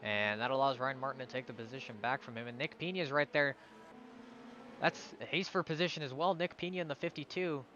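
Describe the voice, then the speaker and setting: A man's voice: mid-range voice, fairly even intonation, a little fast, pushed and bright, lo-fi sound, slight background noise. A man giving live commentary on an online sim race, calling out positions and sometimes stumbling over drivers' names.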